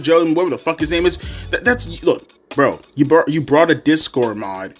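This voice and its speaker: A man ranting and mocking loudly in a profane reaction commentary. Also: high-pitched. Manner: loud, profane, mocking and animated. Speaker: reaction video creator.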